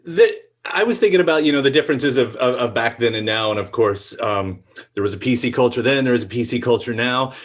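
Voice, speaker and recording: A man's voice: medium pitch, a little fast. A man hosting an interview, asking thoughtful, wandering questions with plenty of fillers. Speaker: podcast interview host.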